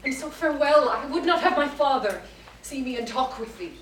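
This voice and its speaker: A woman playing a sad but hopeful young daughter in an amateur stage play, speaking verse in a soft, measured way. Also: high-pitched, animated. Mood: wistful. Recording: roomy hall, far camera, noise.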